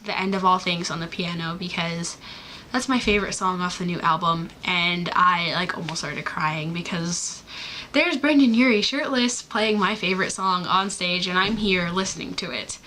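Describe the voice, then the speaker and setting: In a casual, chatty vlog, a young woman rambles bubbly and forcefully, packing her talk with fillers and restarts. Her voice is lowish and bright at a normal speed, and the low-quality recording carries slight background noise.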